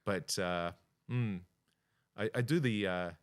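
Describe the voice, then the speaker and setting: A man, a guest impressionist in a casual conversation, easygoing and quick to agree. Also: on the low side.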